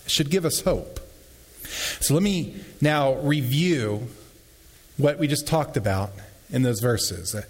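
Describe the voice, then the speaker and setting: A man preaching a sermon as pastor, animated and often restarting his phrases. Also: medium pitch, slightly rough. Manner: animated, repeats words as he restarts. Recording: long reverb in a large hall.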